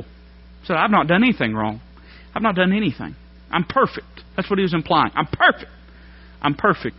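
A man preaching a sermon, folksy and plain-spoken, climbing to loud emphatic peaks. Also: on the high side. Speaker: pastor. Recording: dull lo-fi sermon recording.

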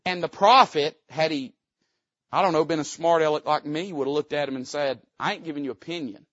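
A man's voice: fairly high pitch, fairly quick, a bit bright, no echo. Male preacher, folksy and joking, punchy emphatic rises, muffled lo-fi recording. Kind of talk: sermon.

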